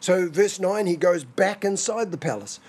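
A man preaching a sermon in a measured, expository way. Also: sits high, animated, a little mellow, slightly rough. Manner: measured, expository, dramatizes quoted scripture.

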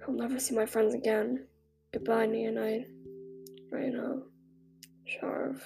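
A heartbroken young man with fire in his hands speaks low and broken, sometimes dropping to a whisper, as a woman reads him aloud. His voice has a gravelly edge, and soft music plays faintly behind him in this storybook telling. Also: little pitch movement, slow, full character voice. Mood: grieving. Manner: quiet and broken, often whispered. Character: grief-stricken young man with fire powers, brooding.

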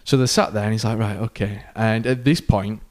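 A man's voice: lowish voice, brisk. A man co-hosting a podcast, telling a long story in a casual way and acting out the voices of the people in it. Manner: animated storyteller who acts out quoted voices, with fillers. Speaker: podcast co-host.

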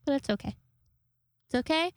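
A young woman hosts her own podcast solo, rambling casually with plenty of swearing and self-deprecating remarks. Her voice sits high with lively intonation at a moderate pace, recorded dry.

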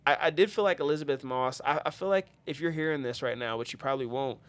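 Man, podcast host, casual chat, middle pitch, rambling, lots of fillers and restarts. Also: fast talker, dry recording.

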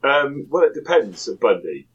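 A man's voice: medium pitch, sing-song, a little slow, fairly bright tone, breathy edge, lo-fi sound. A man co-hosting a casual podcast from home, swearing, laughing and joking dryly. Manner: laughing, sweary, dry jokes. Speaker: podcast co-host. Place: home room in Japan.

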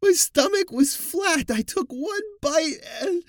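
A woman's voice: very high-pitched, expressive, takes it slowly, no room sound, clean studio sound, pitched above the performer's own voice, heavily acted. A man voicing a hysterical young woman who shrieks and sobs in terror. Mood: shrieking crying. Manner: shrieking, panicked. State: crying.

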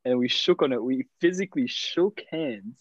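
Husky animated young Aussie guy. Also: mid-range voice, moderate pace, no echo, lo-fi sound. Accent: Australian. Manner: animated, jokey storytelling, swears often. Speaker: podcast co-host. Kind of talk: casual chat.

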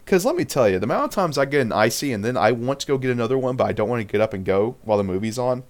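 A man's voice: mid-range voice, very fast. Chatty man co-hosting a podcast. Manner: animated, rambling, laughs easily. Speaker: podcast co-host. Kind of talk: casual chat.

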